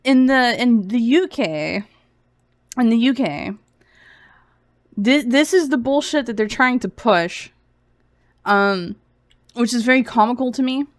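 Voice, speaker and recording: A woman's voice: fairly high pitch, lively intonation, unhurried, long pauses, no echo, clean studio sound. A young woman streaming sarcastic commentary, mocking and giggly, sounding a bit feverish.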